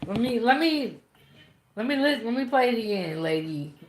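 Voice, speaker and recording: A woman's voice: on the high side, lively intonation, moderate pace, a little hiss or hum. A woman hosting her cooking channel, chatting casually and playfully, laughing at herself and tired after eating. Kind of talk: casual chat to camera.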